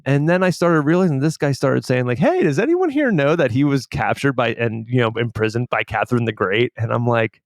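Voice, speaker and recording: A man's voice: medium pitch, brisk, few pauses, no room sound, studio quality. A man co-hosting a podcast, telling a story in a casual chat, laughing often and acting out what people said. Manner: laughs often, animated storytelling with acted-out quotes. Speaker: podcast co-host.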